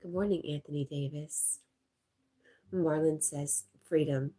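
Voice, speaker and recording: A woman with a low, husky voice and a stuffy nose, hosting a relaxed livestream. She reads viewer comments aloud in a mellow, chatty way and breaks off to coo at her dog. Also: normal speed. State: stuffy-nosed. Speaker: livestream host.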